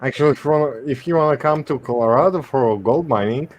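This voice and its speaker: A man from Wisconsin hosting a casual stream chat, often pausing mid-sentence to find his words. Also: medium pitch. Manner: halting, stops often to search for words. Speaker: stream host.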